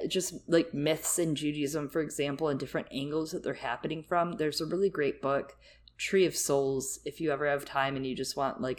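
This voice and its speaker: A woman with a low voice talks casually and at length about a book. She rambles and fills her sentences with asides and fillers. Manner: chatty, rambling, many fillers. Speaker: podcast co-host.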